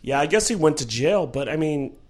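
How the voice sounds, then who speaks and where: Male comedian, lively swooping delivery, wry griping, casual backstage chat. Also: fairly high pitch, a little fast. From Cleveland, Ohio. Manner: animated, swearing, wry complaints. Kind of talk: casual green room chat.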